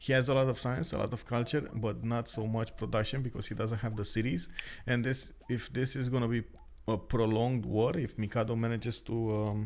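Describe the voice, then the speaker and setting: A young man casting a live strategy game, talking quickly with many filler sounds and excited outbursts. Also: mid-range voice, slight background noise. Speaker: esports caster.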